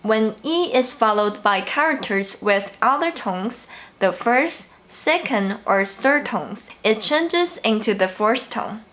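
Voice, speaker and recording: A woman teaching a language lesson, explaining each rule carefully and repeating example words slowly. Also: fairly high pitch, animated, a bit bright, soft background music. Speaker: Mandarin teacher. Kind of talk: slow, clear language lesson narration.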